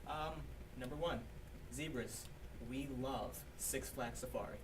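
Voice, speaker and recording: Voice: mid-range voice, measured pace, lightly acted. A performer doing a self-important male academic author in a mock interview sketch, repeating "yes, yes" as he bumbles. Recorded on a distant mic with background noise. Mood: pompous.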